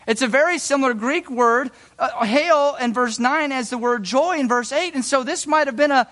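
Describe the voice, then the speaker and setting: A man preaching a sermon, dramatic and folksy, dropping to hushed low passages and rising to loud excited bursts, with casual asides and restarts. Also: normal speed, hardly any pauses. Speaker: pastor.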